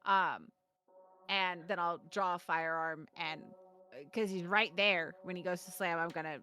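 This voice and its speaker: A woman's voice: fairly low pitch, fairly even intonation, measured pace, pushed and bright, faint music behind. A woman playing a tabletop game, thinking aloud about her character's moves. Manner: thinking aloud, hesitant with restarts. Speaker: player. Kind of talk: tabletop role-play.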